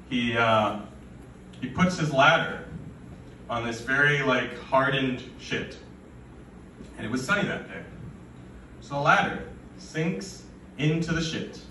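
A man's voice: mid-range voice, bright, forceful tone. A young man performing a stand-up comedy set with rambling, absurd, stammering delivery at a live event. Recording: roomy, from far off, faint noise.

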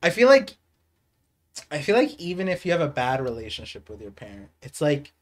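A young adult man streaming a live reaction, excitable and laughing, then turning quiet and reflective. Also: a little high, brisk. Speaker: streamer reacting to a manga chapter.

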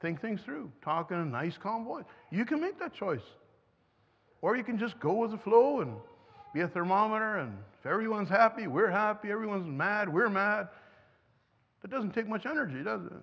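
An older man, native German speaker, preaching to parents in a church hall with a high, gravelly voice. He keeps asking the listeners questions and chuckles between points. The sound carries a long church reverb and a dull, lo-fi tone. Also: expressive, normal speed. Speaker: church teacher. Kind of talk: teaching sermon to parents. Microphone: microphone.

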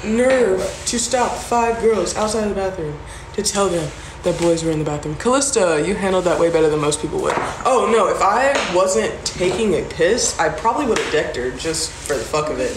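A woman's voice: fairly low pitch, lively intonation, moderate pace. A woman on a phone livestream, casually telling a story, acting out the voices of the people in it and swearing freely. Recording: roomy with background noise.

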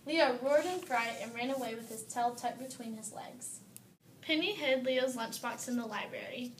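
A woman reading a children's story aloud in a steady, expressive way. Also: fairly high pitch, normal speed, reverberant, distant mic, a little hiss or hum, rough recording.

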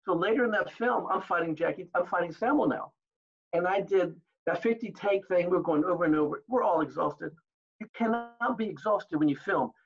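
An older man telling stories as an interview guest, animated, acting out the exchanges he recalls. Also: sits high, normal speed, vocal fry, breathy edge, lo-fi sound. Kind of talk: storytelling in an interview.

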